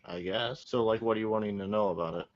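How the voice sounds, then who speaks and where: Male chat participant, low voice, hesitant plain delivery, dull faintly noisy audio. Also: quick pace. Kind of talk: casual voice chat.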